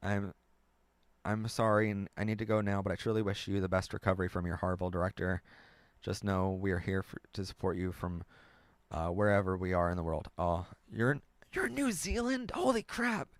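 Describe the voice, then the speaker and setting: A young American man hosts a casual live stream, rambling through viewer comments and laughing often. His voice is low and resonant with a flat delivery, slightly fast, recorded clearly with no echo.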